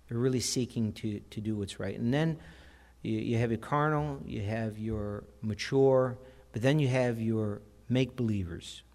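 A man preaching a sermon, his voice at a middle pitch for a man. He talks in a relaxed, conversational way and leans on fillers as he goes. His delivery stays plain and everyday. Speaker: pastor.

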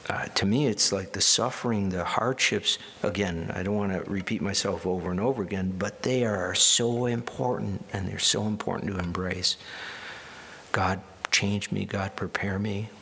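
A man's voice: low-pitched, moderate pace, creaky, few pauses, a bit bright, slightly rough. A man preaching a sermon in a conversational way, with wry asides and restarts. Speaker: pastor.

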